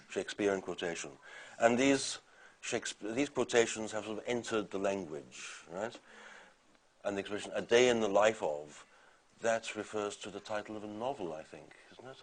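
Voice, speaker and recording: A man giving a university lecture, talking in a conversational, hesitant way with many fillers and restarts. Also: fairly low pitch.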